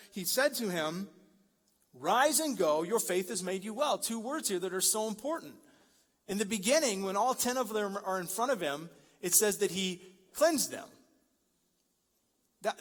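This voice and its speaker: A man's voice: sits high, fairly bright tone. A man preaching a sermon, conversational and joking, building to emphatic peaks. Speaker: pastor. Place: large church hall. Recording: long church-hall reverb.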